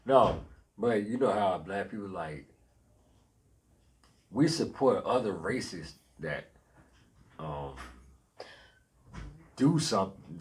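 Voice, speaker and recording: A laid-back man talking in a slangy, relaxed way in a casual podcast chat. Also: on the low side.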